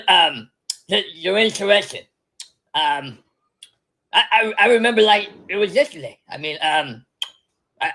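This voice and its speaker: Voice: medium pitch, bright, forceful tone. A performer doing a comic impression of a drunk, rambling older female politician who stammers, giggles and keeps restarting sentences. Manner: stammering, many false starts and giggles. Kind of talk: comedic impression monologue.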